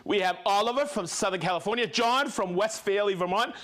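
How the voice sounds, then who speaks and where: Upbeat high-voiced man reading shout-outs. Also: fairly quick. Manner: upbeat, rattles off names and places, stumbles on pronunciations. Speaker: livestream host.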